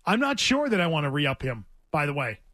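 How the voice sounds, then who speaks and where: A man with a high voice hosts a sports talk radio show, pressing his argument with emphatic, needling repetition. The sound is dry and close, with no room around it. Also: very animated, fairly quick, sharp tone, no echo.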